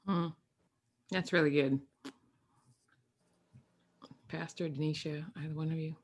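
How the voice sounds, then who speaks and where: Low-voiced woman moderating a panel. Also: steady tone, unhurried. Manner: inquisitive moderator. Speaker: host. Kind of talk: hosted panel discussion.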